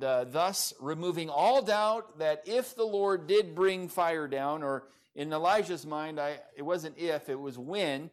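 A man preaching a sermon at a church service, talking in a conversational way with many fillers and restarts. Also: fairly high pitch. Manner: conversational, many fillers, self-described sarcastic. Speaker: pastor. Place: church in Oklahoma.

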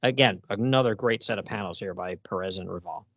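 A man's voice: on the low side, a little fast, fairly bright tone, no room sound. A man hosting a podcast, chatting casually and with enthusiasm, laughing often and restarting his sentences. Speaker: podcast host. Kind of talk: casual chat.

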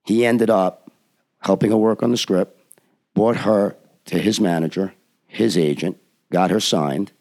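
A man on a podcast telling an animated story and acting out the people in it with emphatic delivery. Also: low-pitched, measured pace. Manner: acts out the people in his story, lively and emphatic. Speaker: podcast guest.

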